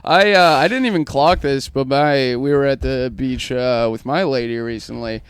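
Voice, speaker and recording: A man's voice: medium pitch, moderate pace, smooth. A man co-hosting a comedy podcast, telling stories in casual banter and laughing between lines.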